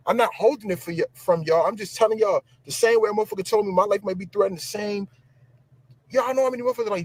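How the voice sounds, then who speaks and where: A man with a high, slightly husky voice delivers a casual live-stream rant. He talks in loose slang, swears freely and circles back over the same points as he goes. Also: fairly quick, rough recording. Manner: animated, slangy, repeats himself, swears. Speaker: social media commentator.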